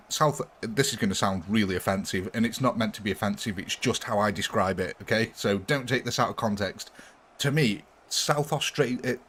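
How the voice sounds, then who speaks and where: A man's voice: mid-range voice, a bit bright. A man chats loosely on a live gaming stream, laughing often between lines. He answers viewers as he goes, and his voice sits right in the middle of the usual range for a man. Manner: chatty, laughs often, reads chat. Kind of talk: casual live-stream chat.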